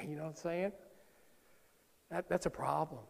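A middle-aged man preaching in a church sanctuary, his voice high for a man and gravelly with fry. He keeps it conversational, tossing playful asides to the congregation. The sound carries a long hall reverb. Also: measured pace. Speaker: pastor. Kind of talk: sermon.

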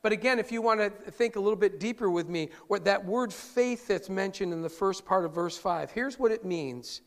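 A male pastor preaching a sermon, telling the story in an animated way with frequent chuckles. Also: high-pitched, normal speed. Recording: long hall reverb.

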